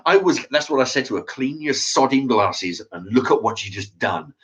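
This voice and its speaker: A man's voice: mid-range voice, lively intonation, normal speed, a bit bright. A man ranting about a shop argument, swearing and acting out both sides of the exchange. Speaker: channel host. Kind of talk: ranting monologue. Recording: dull lo-fi sound.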